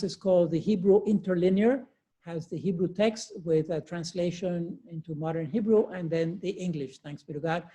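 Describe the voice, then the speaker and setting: A man's voice: high-pitched, mellow. A man in his sixties giving a university lecture in a cold classroom, talking conversationally with frequent fillers and chuckles. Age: 60s. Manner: conversational, chuckles often, many fillers and restarts. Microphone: lecture recording with remote attendees.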